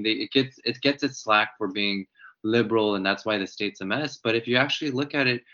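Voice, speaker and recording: A man speaking as a podcast guest, earnestly explaining local issues in a measured way. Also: lowish voice, sharp tone. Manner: measured, explanatory, uses organizer terms. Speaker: political guest, former congressional candidate. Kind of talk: earnest policy talk on a podcast. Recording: dull lo-fi sound.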